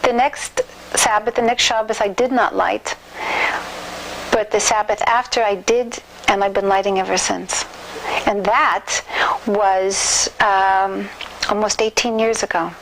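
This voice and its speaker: A woman's voice: medium pitch, fairly even intonation, measured pace, a bit bright, slight background noise, rough recording. A middle-aged woman recounting her life in an oral history interview, often restarting and repeating words as she goes. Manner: acts out quoted voices animatedly.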